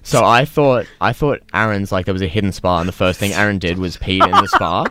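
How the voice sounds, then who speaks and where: A man's voice: low-pitched, brisk, bright, forceful tone, dry recording. A man, co-hosting a podcast in casual chat, swearing freely and laughing often. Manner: crude, swearing, laughs a lot. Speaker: podcast co-host.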